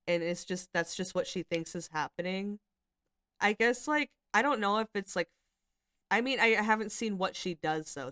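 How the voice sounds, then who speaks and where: With a lowish, smooth voice that's a bit bright, a commentary host works through screenshots in a loose, rambling way. She hedges often, uses lots of fillers, and sounds critical and exasperated, all in studio-quality audio free of room sound.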